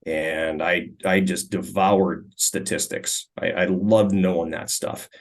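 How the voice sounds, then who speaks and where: A man in his forties from Minnesota, a former hockey player and radio color commentator, telling stories in a relaxed interview, often stumbling and repeating words as he starts sentences. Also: low voice, slow. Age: 40s. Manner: relaxed, frequent stammered restarts. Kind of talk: casual storytelling interview.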